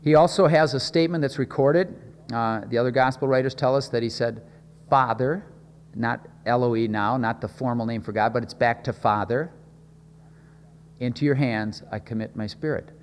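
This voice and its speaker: A man preaching a sermon, earnest and halting, often repeating words and pausing with fillers. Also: mid-range voice, fairly even intonation, a little hiss or hum. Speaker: pastor. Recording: hall reverb.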